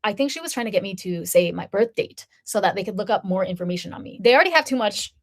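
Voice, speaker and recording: A woman's voice: mid-range voice, lively intonation, fast. Chatty woman in her thirties. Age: 30s. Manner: chatty, lots of "like", acts out quoted voices. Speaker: vlogger. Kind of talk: casual storytelling to viewers.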